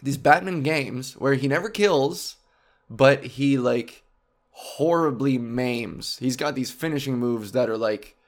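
A man's voice: medium pitch, slow. A man talking in a casual comic monologue, rambling and profane, jumping from topic to topic. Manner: rambling, animated, profane, jumps between topics. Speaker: comedian podcast host.

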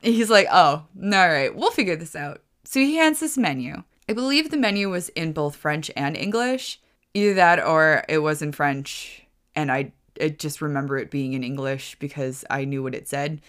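A woman's voice: low voice, lively intonation, normal speed, smooth. A woman hosting a podcast, telling a personal story in a rambling, self-correcting way and laughing at her own jokes. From United States. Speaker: podcast host. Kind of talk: casual storytelling.

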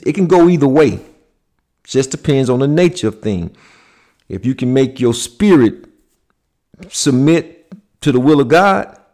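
A man from the United States lecturing at an unhurried, measured pace, with a mid-pitched voice. He speaks deliberately and often stops to check that his listeners are following. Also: darkish tone. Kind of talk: lecture on symbolism.

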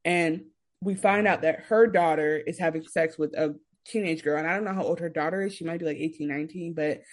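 A woman's voice: low-pitched, fairly quick. A young woman co-hosting a podcast in casual chat, rambling through a recap and acting out quotes. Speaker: podcast co-host.

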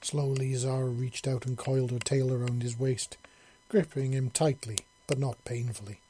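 A man narrating an audiobook story in a steady storytelling manner. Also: medium pitch, normal speed, hardly any pauses, a little hiss or hum.

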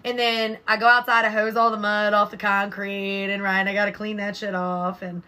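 A woman's voice: medium pitch, little pitch movement, moderate pace, pushed and bright. A woman, co-hosting a podcast, telling stories bluntly and swearing freely. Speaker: podcast co-host. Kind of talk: casual chat.

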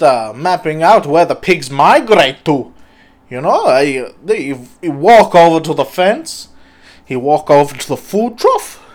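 A man voicing a simple-minded male pig farmer who speaks halting broken English with many fillers. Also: high-pitched. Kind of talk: improvised comedy character.

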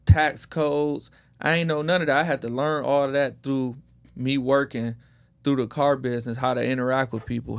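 A man's voice: medium pitch, creaky. A man in his thirties from Detroit, a podcast guest telling his story in a laid-back way with street slang. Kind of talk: casual podcast conversation.

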